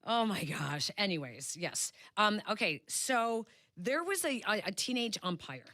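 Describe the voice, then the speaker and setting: A woman co-hosting sports radio, telling a story in a casual, animated way from a studio. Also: mid-range voice, a little slow, no room sound. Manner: animated retelling, acts out quoted voices. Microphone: studio microphone.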